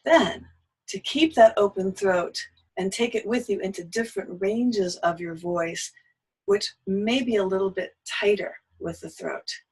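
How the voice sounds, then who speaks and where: A woman teaching a singing lesson, speaking gently and breaking into soft sung lullaby phrases. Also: medium pitch, unhurried, husky, rough recording.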